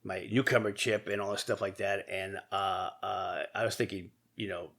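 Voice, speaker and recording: A middle-aged man, a podcast guest, telling his own story candidly, profanely and haltingly, with many restarts. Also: low-pitched, steady tone, fairly bright tone. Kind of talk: casual storytelling interview.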